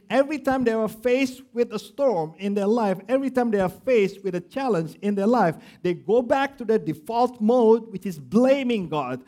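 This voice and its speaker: Guy preaching a sermon, kinda high voice, gets loud then drops real quiet for emphasis. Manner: acts out quoted voices of grumblers and of Jesus. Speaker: pastor.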